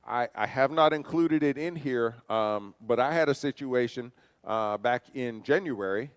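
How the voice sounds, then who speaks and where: A man with an unhurried, clear, resonant mid-range voice leads a church safety training. He speaks conversationally, poses rhetorical questions, and tells personal stories, and the church hall's long reverb fills the recording.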